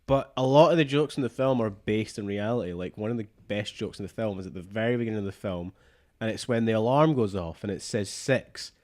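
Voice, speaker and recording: A man's voice: on the low side, brisk, a little mellow. Enthusiastic male podcast co-host, casual film chat. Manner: chatty, enthusiastic, quotes scenes in voices.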